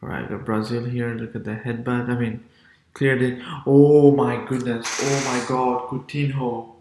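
Excitable man with a gravelly voice. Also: mid-range voice, normal speed, echoey room, slight background noise. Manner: excitable, exclaiming often. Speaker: sports reaction vlogger. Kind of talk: casual reaction commentary.

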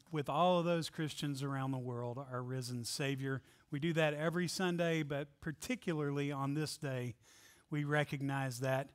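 Male pastor, high voice, animated and jokey sermon delivery with scripture reading. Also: clean tone. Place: church sanctuary.

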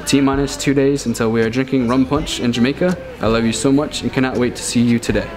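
A young groom in his twenties speaks his vows with tender earnestness. His voice sits at an ordinary pitch for a man. Music plays clearly underneath him. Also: fairly even intonation, quick pace. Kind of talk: reading a letter and wedding vows. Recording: with music playing over it.

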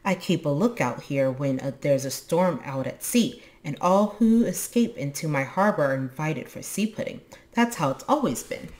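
A woman's voice: deep voice, lively intonation, moderate pace, darkish tone. A woman voicing a friendly, bashful young boy who keeps a lookout tower in a storybook reading. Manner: eager, bashful, hospitable. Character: shy, friendly red-haired lighthouse boy.

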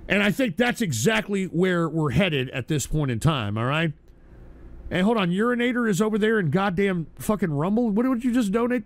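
Gravelly high-voiced ranting male host. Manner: profane, combative, swings into shouting. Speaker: live-stream talk show host. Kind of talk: ranting live broadcast commentary.

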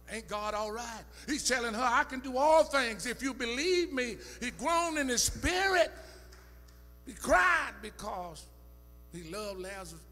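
A man preaching a sermon as pastor, swinging from low, quiet scripture reading up to shouted calls. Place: church sanctuary. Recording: church hall reverb with faint music and hum.

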